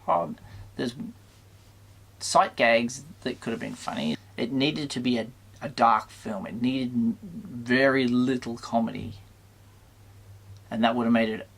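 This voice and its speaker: A man hosting his own channel, giving a casual, conflicted film review to the camera with many halting restarts. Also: mid-range voice, vocal fry. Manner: mildly exasperated, conflicted.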